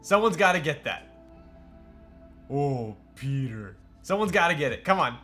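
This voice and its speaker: A man's voice: sits high, animated, fast talker, sharp tone, soft background music. A man streaming live while building a keyboard. He chats casually, jokes and answers his chat, laughing often. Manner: chatty and joking, replies to chat, laughs often.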